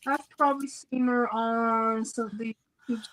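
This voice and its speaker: A woman who is a guest on a crafting livestream, chatting in a relaxed, plain-spoken way. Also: fairly high pitch, moderate pace, rough recording. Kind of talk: casual crafting chat.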